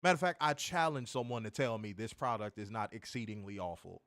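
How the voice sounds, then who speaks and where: Clean studio audio with no room sound catches a man co-hosting a wrestling podcast, ranting in a sarcastic, exasperated, profane way and addressing listeners as y'all. His voice is on the low side, slightly bright, and a little fast.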